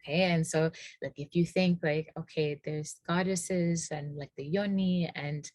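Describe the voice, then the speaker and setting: A woman guest retells ancient myths in a relaxed, rambling way, full of fillers and restarts. Her voice is on the low side for a woman. The recording is close and dry. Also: a little slow, no echo. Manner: hesitant, lots of fillers and restarts. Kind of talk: casual storytelling in conversation.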